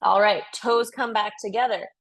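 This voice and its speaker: A woman's voice: medium pitch, fairly even intonation, moderate pace. A young woman leading a yoga class, calling out breaths and poses in an upbeat, playful way, slightly out of breath. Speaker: yoga instructor. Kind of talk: guided yoga class instruction.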